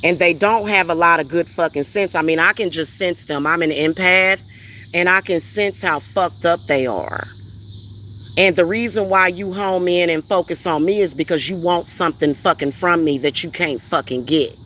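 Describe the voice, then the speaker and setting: A woman's voice: lowish voice, normal speed, a bit bright, slight background noise. A woman hosting a livestream who answers her chat in a heated, profane and confrontational rant, reading out comments and firing back. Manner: reads out viewer comments and retorts. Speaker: spiritual reader hosting a livestream.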